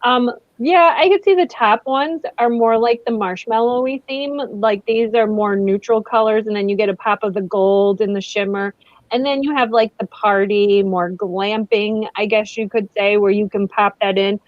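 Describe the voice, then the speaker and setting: A woman's voice: mid-range voice, moderate pace, no echo, muffled recording. A woman co-hosting a casual beauty review, easygoing and agreeable, often chiming in with short replies. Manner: easygoing, agreeable, backchannels a lot. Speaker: beauty channel co-host. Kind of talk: casual chat product review.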